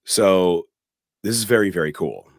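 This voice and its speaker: A man co-hosting a podcast, recapping a film in a casual, animated way and punctuating the story with sound words. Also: low-pitched, unhurried, dry recording, studio quality. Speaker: podcast co-host.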